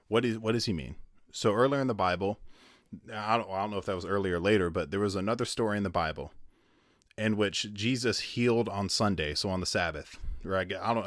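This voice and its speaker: A man's voice: fairly low pitch, no echo, clean studio sound. A man teaching the Bible in a casual video, rambling and conversational with many asides and fillers. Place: at home with his wife behind the camera.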